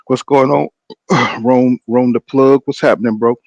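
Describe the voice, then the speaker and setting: A man's voice: mid-range voice, steady tone, measured pace, gravelly, darkish tone, dry recording, dull audio. A man hosting a live boxing reaction stream, talking loosely and profanely and greeting viewers by name. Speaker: boxing channel host. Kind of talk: casual live-stream commentary.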